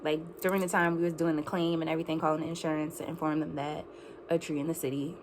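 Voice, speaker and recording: A young woman tells a wild personal story to camera in an animated storytime vlog. She laughs often and fills her talk with "like." A faint hiss sits under her voice. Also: sits low, fast talker. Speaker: vlogger.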